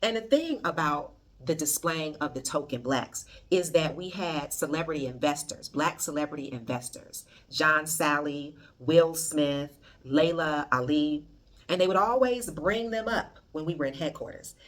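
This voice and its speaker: Middle-aged woman host, slightly low voice, lively casual monologue. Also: moderate pace. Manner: animated, conversational, slangy. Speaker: podcast host.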